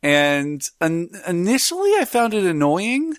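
A man co-hosting a podcast in casual chat, animated and laughing often. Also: sits high, a little slow, no room sound, studio quality. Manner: animated, laughs often, does silly voices in stories. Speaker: podcast co-host.

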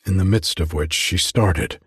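A man narrating a classic story aloud in a measured, deliberate reading. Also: low voice, a bit bright, husky, no echo, clean studio sound. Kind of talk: scripted audiobook narration.

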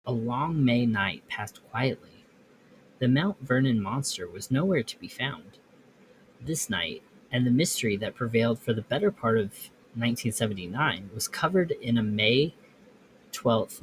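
Podcast guy reading spooky stories, mid pitch, adds little asides, faint hiss behind. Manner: reads text, then breaks off into offhand comments. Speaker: podcast host. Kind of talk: reading ghost stories aloud with casual asides.

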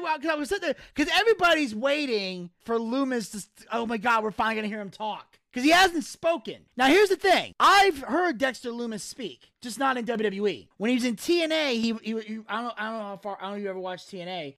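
A young man with a higher-than-usual voice hosts a casual wrestling recap podcast. He tells the story in a blunt, animated way and swears often. The sound is dry, with little room echo. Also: brisk, few pauses. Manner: blunt, profane, animated retelling. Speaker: podcast host.

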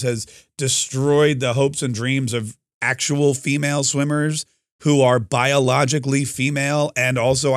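In a dry, studio-quality recording, a male talk radio host at a medium pitch fires off a combative, opinion-heavy monologue. He speaks in quick bursts and frequently starts his sentences over.

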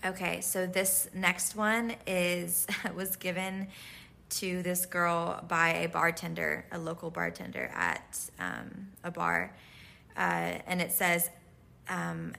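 A woman chats loosely as she introduces letters from her viewers, trailing off and circling back with fillers. Her voice sits low, with a bright, forceful edge and plenty of vocal fry. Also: fairly even intonation, measured pace, slight background noise. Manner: chatty, loose, full of "like" and "um". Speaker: host reading out fan love letters. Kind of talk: casual chat.

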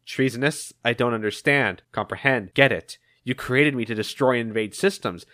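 A man voicing a cold, formal female rogue AI that speaks in flat, precise phrases. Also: medium pitch, normal speed, no echo, studio quality, lightly acted. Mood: calm. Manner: flat, precise, lists synonyms.

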